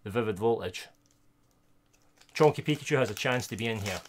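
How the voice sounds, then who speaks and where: A Scottish man live-streaming himself opening trading card packs, chatting casually with viewers and getting loud and excited over good pulls. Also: on the low side, brisk, a little hiss or hum.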